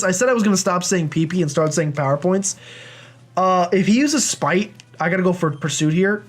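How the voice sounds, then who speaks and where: A man's voice: high-pitched, fairly quick, soft background music. A young man hosting a video game playthrough, chatting in a rambling, self-deprecating way as he plays. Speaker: let's play host. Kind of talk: game commentary.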